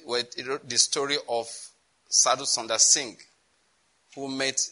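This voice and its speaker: A man's voice: mid-range voice, pushed and bright, poor audio. A man preaching a sermon on prayer, chatty and often breaking into laughter. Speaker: pastor.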